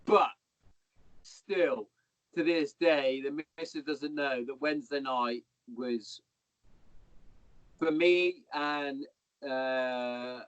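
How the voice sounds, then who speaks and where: Speaking very slowly with frequent pauses, this medium-pitched man is a Hereford native guesting on a podcast. He swears a lot, says "mate," and wanders through army stories in casual chat. The audio is dry and dull, lo-fi podcast quality.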